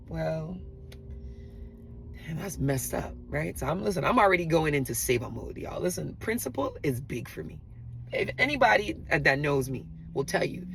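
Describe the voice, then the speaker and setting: Middle-aged virgin islands lady telling her story, gravelly fry in the voice, lots of road noise behind her. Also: fairly low pitch. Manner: chatty and animated, often addressing listeners directly. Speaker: storyteller host. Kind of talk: personal storytelling to an audience.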